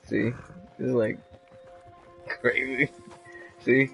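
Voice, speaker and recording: A man with a low, creaky voice rambles through casual gameplay commentary. He swears freely and laughs often as he plays. Faint game music runs behind him. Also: unhurried, pauses often, a bit bright. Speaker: gamer.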